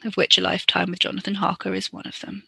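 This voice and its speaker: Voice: medium pitch, completely flat delivery, fast, vocal fry, sharp tone, breathy edge, dry recording. A podcaster giving chatty, joking improvised commentary over an old film. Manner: chatty, joking, many fillers.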